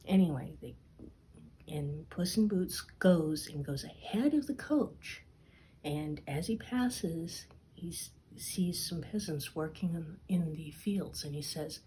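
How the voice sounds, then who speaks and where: A woman storyteller telling a fairy tale aloud, expressive and dipping into whispers. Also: deep voice, a little hiss or hum. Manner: slow, expressive, dips into whispers. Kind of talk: storytime narration.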